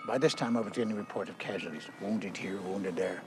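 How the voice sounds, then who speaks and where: An older man, a war veteran, recounting his memories outdoors in a halting way, with many fillers and restarts. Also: deep voice, noisy background.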